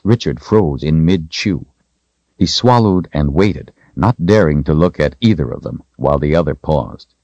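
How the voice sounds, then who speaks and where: Deep, expressive male audiobook narrator. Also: normal speed, no room sound, muffled recording. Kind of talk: scripted narration.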